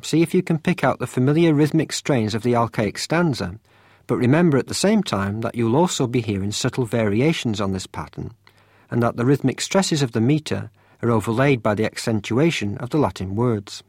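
Husky-voiced male lecturer, dry sound. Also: medium pitch, lively intonation, brisk, a little mellow, no room sound. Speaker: course lecturer. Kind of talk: scripted educational narration.

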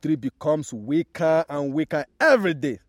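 Wise old nigerian herb seller, storytelling, high lively voice, dry close sound. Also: male voice, normal speed, no room sound. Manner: playful, animated storytelling with laughs. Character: wise older male village herbalist, patient storyteller. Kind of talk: radio drama acting.

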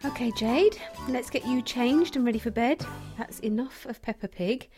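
An actress playing a busy young mother who talks briskly. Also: on the high side, a little mellow, soft background music, natural voice. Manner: brisk, hurried.

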